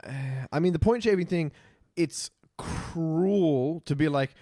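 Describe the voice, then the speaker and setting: A man on a podcast panel chatting casually about cartoon episodes, quick to agree with others and quoting lines. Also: fairly high pitch, animated, warm tone, dry recording, studio quality. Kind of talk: casual chat reviewing episodes.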